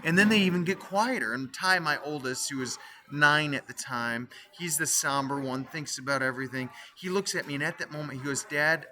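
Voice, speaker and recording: A middle-aged man teaching theology, telling a family story in his lecture in an animated way and putting questions to his listeners. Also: on the high side, brisk, slight background noise.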